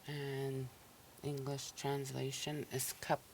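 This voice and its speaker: With background noise in the recording, a teacher's mid-range voice takes its time on a recorded language listening lesson. The tone stays patient and even as each word is said again and broken into syllables.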